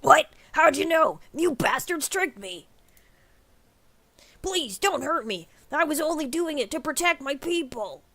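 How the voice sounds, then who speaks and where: Woman doing a slow, solemn male priest. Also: medium pitch, no echo, lightly acted. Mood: pleading. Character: sly male priest, pleading when caught.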